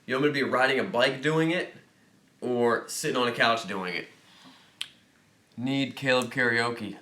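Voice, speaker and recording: A man hosting a casual livestream, reading viewer questions aloud and thinking out loud in a rambling, jokey way. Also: medium pitch, moderate pace, reverberant, slight background noise. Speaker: host of a motorcycle dealership livestream.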